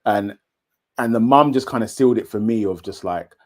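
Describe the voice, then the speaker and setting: A man's voice: fairly low pitch, moderate pace. A British man hosting a casual TV recap chat, laid-back and candid with slangy asides. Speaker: host. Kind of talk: casual chat, reading viewer comments.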